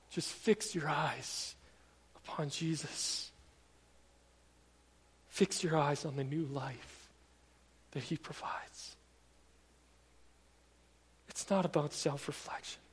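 A man preaching a sermon in a conversational way, telling stories with lively energy and often restarting his sentences. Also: fairly high pitch, husky, big-room sound. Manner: conversational, animated storytelling with repeated restarts.

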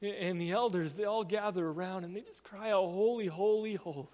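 A man preaching an earnest sermon, slowing down to stress key phrases and often repeating words. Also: sits high, steady tone, darkish tone, in a large hall.

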